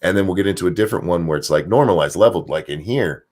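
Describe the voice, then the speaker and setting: A man's voice: deep voice, rapid-fire, darkish tone. A man hosting a casual podcast chat, bantering in a crude, joking way. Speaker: podcast host and streamer.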